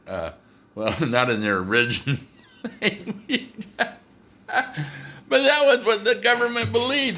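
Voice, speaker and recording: A man telling casual stories to the camera at home about his dog, animated and chuckling as he goes. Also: sits high. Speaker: dog owner.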